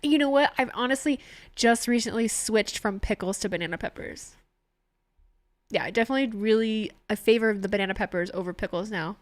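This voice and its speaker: A woman's voice: medium pitch, brisk, dry recording. A young woman live-streaming, chatting casually with viewers and laughing often as she reads out their messages. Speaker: streamer watching a wrestling show.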